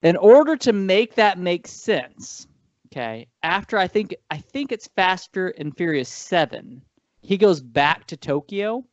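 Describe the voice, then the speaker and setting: A man co-hosting a casual movie-review podcast, rambling and animated, often correcting himself mid-sentence. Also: high-pitched, a little slow, dry recording. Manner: rambling, animated, frequent self-corrections and laughs. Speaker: podcast co-host. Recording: dull lo-fi dry sound.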